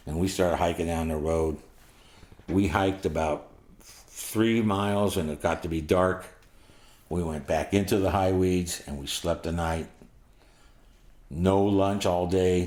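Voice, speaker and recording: A man in his sixties with a low-pitched voice, heard in a reverberant space, tells a story from his own life. His first-person telling is vivid, rambling and profane.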